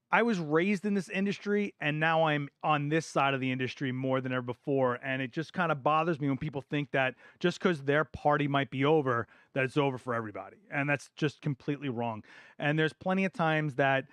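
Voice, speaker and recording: A middle-aged man hosting a live photography Q&A stream, talking passionately and emphatically, repeating words for stress, his voice going a bit hoarse. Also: fairly high pitch, normal speed, a bit bright, no echo. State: voice getting hoarse. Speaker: photography channel host. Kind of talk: live Q&A stream, opinion rant.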